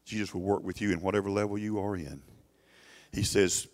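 A man's voice: lowish voice, steady tone, a little fast, a little mellow. Middle-aged male pastor, church sermon, emphatic, keeps circling back with "listen to me" restarts.

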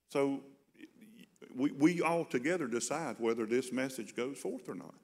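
A man's voice: mid-range voice, moderate pace. A man, a pastor preaching a sermon in a conversational, storytelling way, often repeating words as he starts a sentence.

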